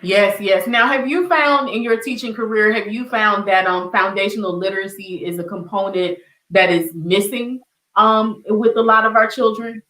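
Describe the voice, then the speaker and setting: Casting: woman show host, measured and emphatic, echoey room, set back from the mic. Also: medium pitch, a bit bright, recorded from a distance. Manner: measured, emphatic, speaks to viewers directly. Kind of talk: online talk show hosting.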